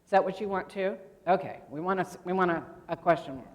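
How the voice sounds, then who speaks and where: A fast, somewhat mellow, low-leaning female voice belongs to an older woman teaching grammar at a convention workshop. She chats freely and questions her audience while the spacious hall rings with long reverb.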